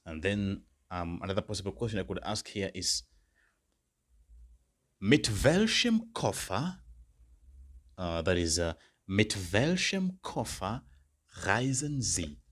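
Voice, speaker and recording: A man tutoring for a beginner German exam, explaining in English and slowly repeating German phrases for learners. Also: deep voice, expressive, fairly bright tone. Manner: patient explainer, checks understanding with "right?" and "okay?". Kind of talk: exam-prep lesson.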